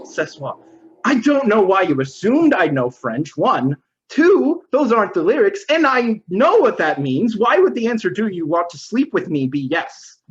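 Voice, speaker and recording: A man's voice: high-pitched, very animated, normal speed, lo-fi sound. A man playing an exasperated, straight-laced American guy who keeps protesting in disbelief. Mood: incredulous. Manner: incredulous, protesting.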